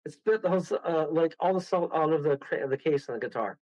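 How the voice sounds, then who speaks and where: A man with a slightly high voice tells a story as a radio show guest. He rambles, laughs often and keeps restarting his sentences. The sound is dull, dry and lo-fi. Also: lively intonation, fast talker, no room sound. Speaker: guest medium.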